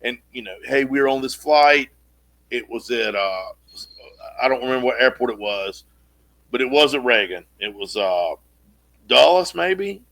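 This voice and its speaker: Man, podcast co-host, gravelly voice, bright tone, animated storytelling, casual swearing. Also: mid-range voice, measured pace, pauses often.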